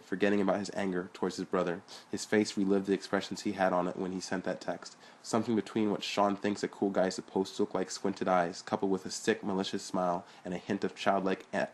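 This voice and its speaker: A man reading his own story aloud as narrator, in a plain, steady way with a husky voice. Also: sits low.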